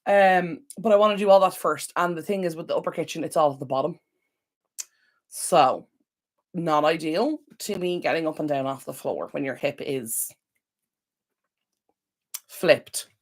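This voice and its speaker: Irish woman, low voice, chatty live-stream host, rambling and sympathetic to viewers. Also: moderate pace, pauses often. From Ireland. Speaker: decluttering channel host. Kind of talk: casual live-stream chat.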